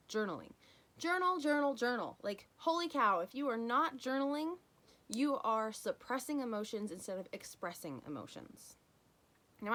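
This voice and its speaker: A woman talks alone on her podcast, coaching the listener directly. She is emphatic and animated, and she punches key words with sudden loud, higher bursts before settling back. Her voice sits at a middle pitch for a woman. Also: low-quality recording. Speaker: podcast host. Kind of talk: solo podcast monologue.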